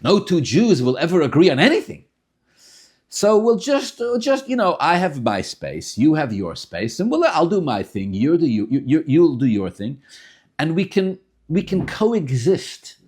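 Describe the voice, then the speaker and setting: Man, Tanya class teacher, animated, repeats and restarts phrases, lively pitch. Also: normal speed, slightly rough. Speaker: Torah teacher.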